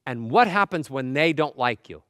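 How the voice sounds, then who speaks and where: A man's voice: mid-range voice, moderate pace, dry recording, clean studio sound. A man giving a motivational talk, firing off rhetorical questions and acting out the nervous voices in a person's head. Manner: animated, fires rhetorical questions; acts out nervous inner voices. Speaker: motivational speaker.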